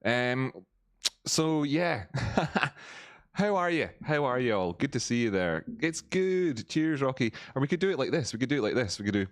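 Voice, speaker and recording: Male streamer with a voice changer on, chatty, mid pitch, dry sound. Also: sing-song, normal speed, dry recording. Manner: chatty, greets viewers, laughs often. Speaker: live-stream host. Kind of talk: casual live-stream chat.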